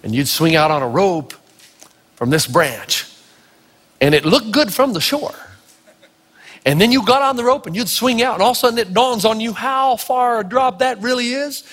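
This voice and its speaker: A man from Tennessee preaching a sermon, telling stories with lively energy and acting out the voices of the people in them. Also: sits high, moderate pace. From Tennessee, United States. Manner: animated storytelling, acting out voices. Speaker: pastor. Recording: reverberant hall.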